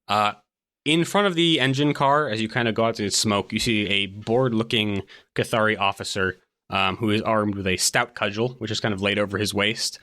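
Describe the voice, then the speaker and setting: A man with a somewhat low voice runs a tabletop game, describing scenes and explaining rules. He talks in a relaxed, explanatory way, full of small fillers. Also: moderate pace. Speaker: game master.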